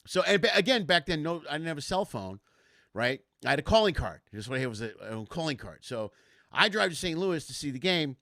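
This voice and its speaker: A man with a bright, forceful voice hosts a casual comedy podcast, rambling through anecdotes and throwing himself into the quotes. His pitch sits a touch high for a man, and the sound is dry and close. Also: a little fast, vocal fry, no echo. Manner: rambling storyteller, animated, acts out quotes. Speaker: host.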